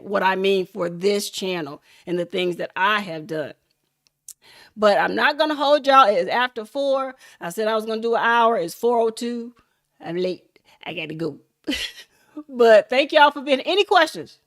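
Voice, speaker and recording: Animated woman hosting a casual livestream. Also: mid-range voice. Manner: animated, laughing, hyping viewers up. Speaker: livestream host.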